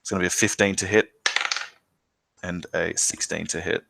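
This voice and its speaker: A man's voice: low voice, fairly even intonation, moderate pace, gravelly, bright, forceful tone, slight background noise. A man narrating as game master of a tabletop game, describing scenes with frequent filler words.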